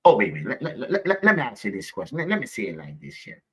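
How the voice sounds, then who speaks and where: A man's voice: lowish voice, huge pitch swings, racing, breathy edge. Preachy man talking to his live viewers. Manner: preachy, repeats himself, calls viewers baby. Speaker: live show host.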